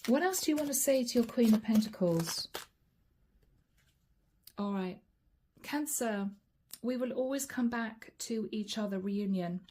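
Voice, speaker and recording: A woman's voice: fairly high pitch, measured pace, long pauses, a little mellow, a little hiss or hum. A woman doing a channeled tarot reading, chatting directly to her viewers as she reads the cards aloud. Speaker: tarot card reader.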